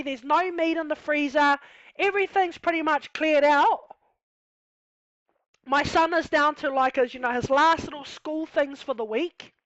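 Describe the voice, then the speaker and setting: A woman's voice: high voice, a bit bright, dry recording. A woman with a New Zealand accent telling her own life story in a candid, heartfelt, casual way, full of "you know" and "like". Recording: dull lo-fi sound.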